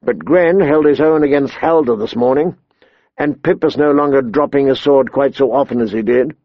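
A man's voice: mid-range voice, moderate pace, no echo, close to an everyday voice. A man doing an earnest young guard. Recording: dull lo-fi dry recording.

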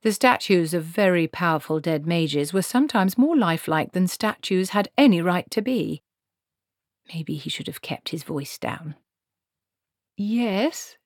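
Low-voiced woman narrating with wry expression. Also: animated, normal speed, dry recording, clean studio sound. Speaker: audiobook narrator. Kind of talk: scripted narration.

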